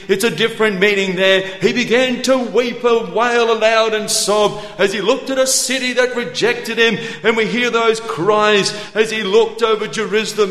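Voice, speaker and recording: High-voiced man preaching tenderly in a hall. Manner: earnest, tender, swings between quiet slow lines and quick asides. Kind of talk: sermon. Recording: echoey hall.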